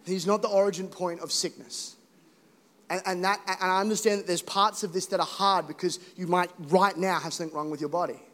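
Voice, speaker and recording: A young man preaching an animated, joking sermon to a Sunday congregation. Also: high voice, fairly quick. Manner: animated, joking, rising to emphatic exhortation. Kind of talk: energetic sermon. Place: church hall. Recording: echoey hall reverb.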